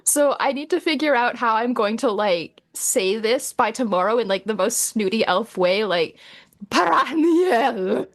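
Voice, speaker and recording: A woman's voice: on the high side, normal speed, hardly any pauses, no room sound, clean studio sound. A woman co-hosting a tabletop game livestream, chatting casually and explaining rules with examples. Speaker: livestream co-host. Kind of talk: casual chat about tabletop games.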